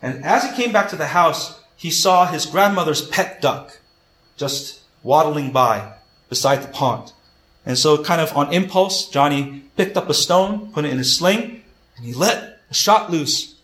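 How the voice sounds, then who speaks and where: A man's voice: a little high, lively intonation, measured pace, a bit bright. A man preaching a sermon, earnest and emphatic, retelling a story and repeating his key points. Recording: echoey room.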